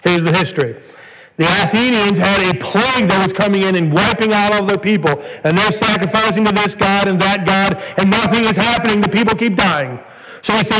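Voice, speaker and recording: Preaching in a church sanctuary, a pastor speaks briskly in a high-sitting voice, earnest and rising to emphatic peaks. The recording carries church hall reverb and faint noise.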